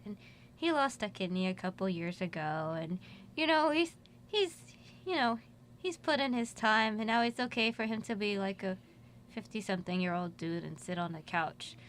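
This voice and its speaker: A woman's voice: medium pitch, animated, normal speed, a little hiss or hum. A woman guest in a college radio studio, chatting casually in a rambling way and laughing often. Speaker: musician guest. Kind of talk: casual radio interview chat.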